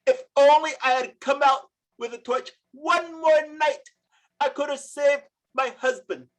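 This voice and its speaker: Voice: animated, normal speed, close to an everyday voice, poor audio. A storyteller voicing a village wife who fusses over her drunken husband and mourns him. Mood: wailing grief. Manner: high, wailing lament.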